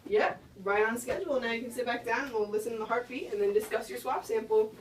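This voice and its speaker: A woman's voice: on the high side, fairly even intonation, quick pace, a little hiss or hum, lightly acted. Teen girl playing a friendly prenatal doctor. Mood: explaining. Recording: roomy far-off camera audio.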